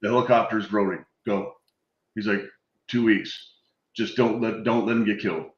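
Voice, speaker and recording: A man on a video call telling animated, swear-laced anecdotes in a casual chat, acting out the voices of the people in his stories. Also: lowish voice, normal speed, roomy sound, highs cut off. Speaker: guest telling war stories.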